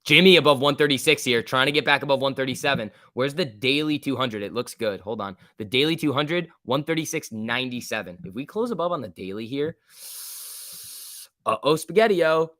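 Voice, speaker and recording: A man's voice: mid-range voice, fast, hardly any pauses, bright, forceful tone, no room sound, studio quality. Casual man calling live stock moves. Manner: casual, joking, reads viewer messages aloud. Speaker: livestream host. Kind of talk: live market commentary and chat reading.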